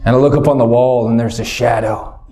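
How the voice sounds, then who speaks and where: A middle-aged man doing stand-up storytelling, animated and acting out scenes with big swings in his voice. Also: mid-range voice, fairly quick. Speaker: stand-up comedian.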